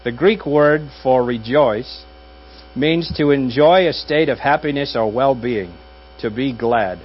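Pastor, man, wry conversational sermon delivery, muffled take with light hum. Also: mid-range voice. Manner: conversational and wry, with dry jokes and pauses. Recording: dull audio with faint mains hum.

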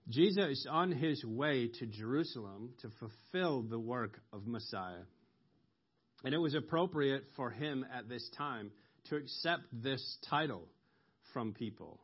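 A man preaching a sermon, explaining scripture slowly with pauses and ums, rising sharply when he quotes a cry for mercy. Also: medium pitch, animated, husky. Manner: slow, explanatory, with ums and emphatic rises on quoted cries. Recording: dull lo-fi recording.

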